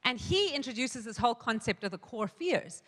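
A woman pastor preaching in a church hall, her voice pitched a little high and bright, with a long echo trailing every phrase. She tells a personal story in a loose, chatty way, often restarting her sentences and quoting herself. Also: big pitch swings, normal speed. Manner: storytelling with many restarts and quoted asides. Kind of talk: sermon.

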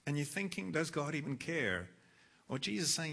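Guy preaching in church, really bright voice, a bit high, goes quiet then suddenly loud. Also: moderate pace, vocal fry. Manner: dramatic, swings from soft to loud when quoting scripture. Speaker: pastor. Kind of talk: sermon.

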